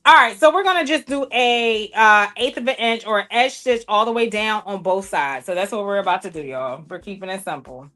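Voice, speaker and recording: A woman's voice: medium pitch, fairly quick, few pauses, bright, forceful tone, soft background music. A woman hosting a sewing livestream, chatting playfully with viewers and people off camera, with speech. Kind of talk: casual livestream chat while sewing.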